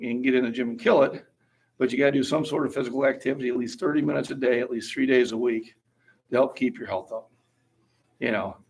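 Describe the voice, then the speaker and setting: A man in his forties hosting a relaxed, talkative gym chat, reading comments aloud. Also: medium pitch, slight background noise, low-quality recording. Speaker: host. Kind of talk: casual chat on a livestream.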